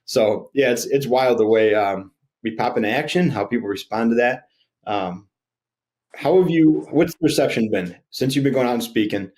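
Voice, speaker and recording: Lively host man telling a story. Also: medium pitch, moderate pace. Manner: animated storyteller, jokey. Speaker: podcast host. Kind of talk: casual chat and anecdote.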